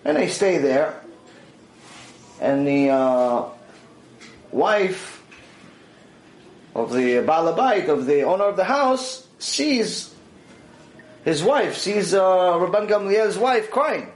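A man gives a religious lesson as an animated story, his fairly high voice rising and falling a lot as he plays out the exchanges between characters. The sound carries a roomy echo from the space he's in. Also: slow, pauses often. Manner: animated, acts out dialogue in quoted voices. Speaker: Torah teacher. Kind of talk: storytelling lecture.

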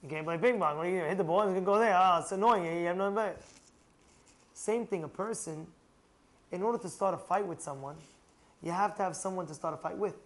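A man, a rabbi, telling stories and teaching about marriage in a lively way, asking the listener questions and at times raising his voice to a shout. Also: high-pitched, fast. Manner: animated, asks the listener rhetorical questions, raises voice to a shout for emphasis. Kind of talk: storytelling talk on marriage.

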